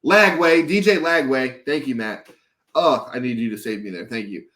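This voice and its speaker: A man's voice: mid-range voice, normal speed, pushed and bright. Laid-back guy running a sports podcast, asks the questions, mid voice. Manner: easygoing, steers the talk with questions. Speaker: podcast co-host. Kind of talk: casual sports chat.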